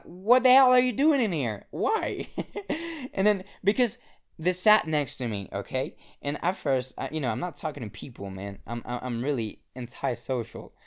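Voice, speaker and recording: A young man hosting his own podcast, talking alone and casually from an apartment in the mountains, rambling and swearing with lots of restarts. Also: mid-range voice. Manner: rambling, profane, frequent restarts. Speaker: podcast host. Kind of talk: casual solo podcast monologue. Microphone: own podcast microphone.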